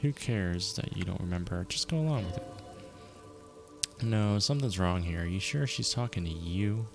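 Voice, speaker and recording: Gravelly-voiced man reading a game aloud. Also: low voice, expressive. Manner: reads narration aloud and reacts with quick asides. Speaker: streamer. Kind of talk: reading game text aloud with casual commentary. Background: game music.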